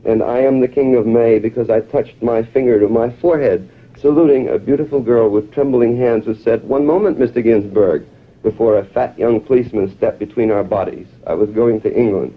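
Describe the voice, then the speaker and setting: A man's voice: mid-range voice, steady tone, a little fast, few pauses. A man reading his own poem aloud in a declamatory, chant-like cadence. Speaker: poet. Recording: dull lo-fi old recording.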